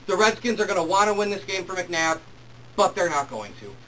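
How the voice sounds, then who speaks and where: A young man hosting his own sports talk show, reading emails and ranting excitedly about football. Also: high voice, fairly quick, a little hiss or hum. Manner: excitable, worked up when ranting. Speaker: host. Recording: distant mic with faint room ambience.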